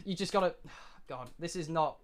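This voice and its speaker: A young British man streaming live, telling a story to his chat in an excitable, swearing way with dramatic pauses. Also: on the high side. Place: home streaming room.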